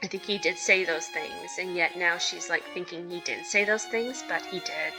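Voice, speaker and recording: A woman streamer giving casual let's-play commentary with giggly, animated reactions. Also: fairly low pitch, moderate pace, hardly any pauses, faint music behind. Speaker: gaming streamer.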